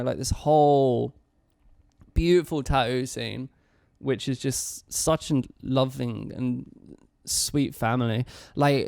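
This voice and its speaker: This is a man in a casual vlog Q&A, talking about his tattoo work in a loose, rambling way. He swears often and trips over his words. His mid-pitched voice has a gravelly fry, and the sound is dry and close. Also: a little mellow, no room sound. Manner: rambling and profane, with quick self-corrections. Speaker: tattoo artist.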